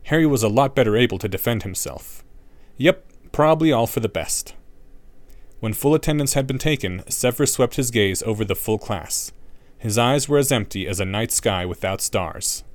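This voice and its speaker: A man narrating an audiobook with an expressive, wry reading. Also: fairly low pitch, fairly quick, dry recording.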